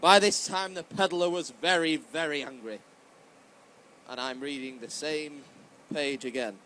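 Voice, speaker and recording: A man's voice: a little high, a little slow, bright, forceful tone, slight background noise. A young man reading a picture book aloud to children, playful and asking them questions, laughing at his own slips. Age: young adult. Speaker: guest reader at a children's event.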